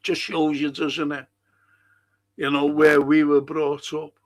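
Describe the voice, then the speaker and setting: Older man, podcast host, rambling casual chat, fairly high voice, very slow. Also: flat delivery. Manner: rambling, chatty, drawn-out. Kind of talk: casual chat reading listener messages.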